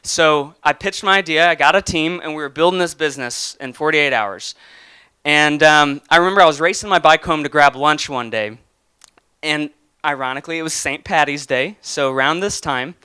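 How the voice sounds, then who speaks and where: A man's voice: on the high side, moderate pace, pushed and bright, clean tone, no room sound, studio quality. A young man giving an earnest motivational talk and telling a personal story, with some restarts. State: getting emotional. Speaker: motivational speaker.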